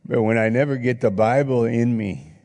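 A male pastor preaches an earnest, reflective sermon and reads scripture aloud in a church hall with long reverb. His voice is medium-pitched and a little mellow, at a normal speed.

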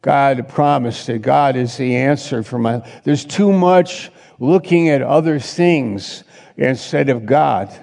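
A man preaching a sermon as a pastor, slow and halting with frequent restarts. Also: mid-range voice, vocal fry, darkish tone, in a large hall.

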